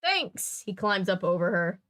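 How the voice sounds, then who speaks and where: A woman's voice: a little high, expressive, normal speed. A woman hosting a stream, chatting casually as she reads comics aloud, often trailing off and restarting her sentences. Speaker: streamer host. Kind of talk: casual chat while reading comics aloud.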